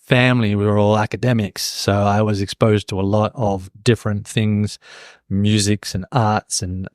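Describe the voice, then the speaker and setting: A man's voice: on the low side, normal speed, dry recording, clean studio sound. Chatty man with a mild Australian accent. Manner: animated storyteller, jumps between tangents. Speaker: podcast co-host. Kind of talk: casual chat.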